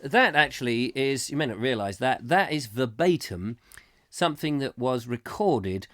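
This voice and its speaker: A man's voice: medium pitch, animated, moderate pace, fairly bright tone. A man hosting a live comedy chat show, rambling whimsically and reading out viewer comments. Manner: whimsical, silly, reads viewer comments aloud. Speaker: host.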